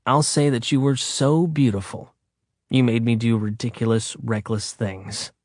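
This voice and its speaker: A man's voice: medium pitch, steady tone, measured pace, darkish tone, no echo, studio quality, lightly acted. A man playing an earnest young man. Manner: earnest, firm. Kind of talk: audiobook reading.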